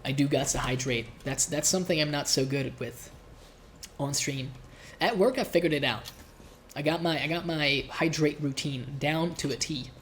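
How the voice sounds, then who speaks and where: Male streamer, nasal and stuffed-up, loose self-mocking game commentary, steady noise under the mic. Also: fairly high pitch, moderate pace. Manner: casual, rambling, self-mocking. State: congested, coughing. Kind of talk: live gameplay commentary.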